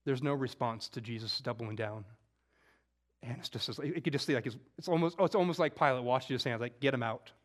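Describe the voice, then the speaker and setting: A man preaching a conversational sermon, acting out scripture quotes and moving between loud emphasis and hushed, intimate moments. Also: medium pitch, a little fast. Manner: conversational, with casual slang.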